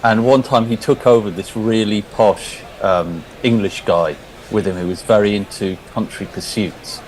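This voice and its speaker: A man's voice: lowish voice, normal speed, rough recording. A man co-commentating on cricket, telling long stories between balls and often restarting his sentences. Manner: rambling storyteller, restarts often. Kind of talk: anecdotal commentary chat.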